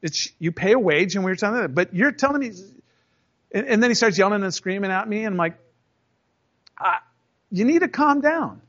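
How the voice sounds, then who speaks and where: A man casually telling a story from his working life, acting out both sides of the arguments with lively emphasis. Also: high voice, a little fast, pauses often. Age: 30s or older. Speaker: storyteller recounting a job. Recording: dull lo-fi recording.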